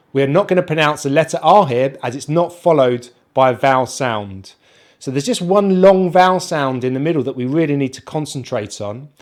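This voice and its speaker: A man with a British accent teaching an online pronunciation lesson, speaking slowly and modelling each sound one at a time. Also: a little high. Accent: British English, non-rhotic. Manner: slow, careful, demonstrates sounds one by one.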